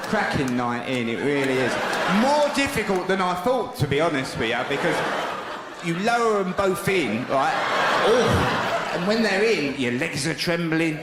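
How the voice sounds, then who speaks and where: A man's voice: a little high, very animated, unhurried, very noisy. A man performing a stand-up routine, talking in blunt, sweary banter. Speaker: stand-up comedian. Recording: echoey live hall, loud audience.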